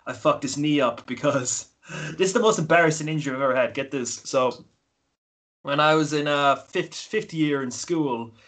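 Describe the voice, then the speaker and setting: A man's voice: a little high, normal speed. A man in his early twenties in casual podcast chat, rambling and swearing freely as he tells stories. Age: 20s. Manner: swears a lot, rambling and animated.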